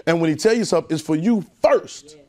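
A male preacher chats with his congregation in folksy asides, his pitch and volume building as he drives his points home. His voice is a little mellow, and he speaks fast.

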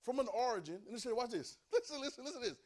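High-voiced male preacher teaching scripture, emphatic and repetitive, calls listeners to answer. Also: big pitch swings, racing, a little mellow. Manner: emphatic, repeats phrases, calls for responses from listeners. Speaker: preacher teaching a Bible class. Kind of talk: sermon.

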